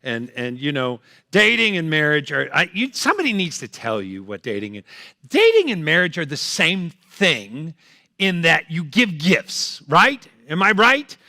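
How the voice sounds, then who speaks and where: Bright, punchy middle-aged male comic. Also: fairly high pitch, huge pitch swings, unhurried, dry recording, clean studio sound. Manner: loud, teasing, punchy crowd work. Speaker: comedian performing at a fundraiser. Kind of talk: stand-up comedy with audience banter. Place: event hall, live on stage.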